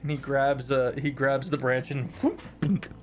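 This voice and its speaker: A man's voice: medium pitch, flat delivery, unhurried. A man narrating a tabletop game as game master, describing scenes with many fillers.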